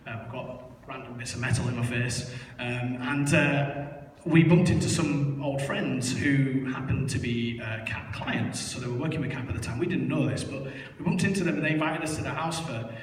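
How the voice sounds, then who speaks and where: A man's voice: medium pitch, normal speed, hardly any pauses. Young man, candid self-mocking testimony, long hall reverb, faint background hiss. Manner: candid, self-mocking storytelling with many fillers. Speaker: church member giving testimony. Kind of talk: personal testimony in church. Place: large church hall. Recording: echoey hall, voice heard from far off.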